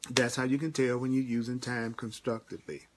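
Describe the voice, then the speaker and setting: A man's voice: medium pitch, little pitch movement, a little fast. A man giving a live-streamed spiritual teaching, emphatic and repetitive, answering viewer comments by name. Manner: repetitive, emphatic, repeats key phrases.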